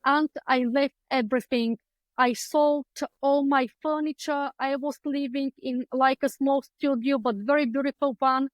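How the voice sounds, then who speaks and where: A woman's voice: high voice, steady tone, unhurried, no echo, low-quality recording. A woman with an Eastern European accent, a clinical psychologist chatting as a podcast guest over a video call, telling her story with lots of fillers and acted-out thoughts. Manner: chatty, acts out her own past thoughts, many fillers. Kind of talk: conversational interview storytelling. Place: home room lined with books.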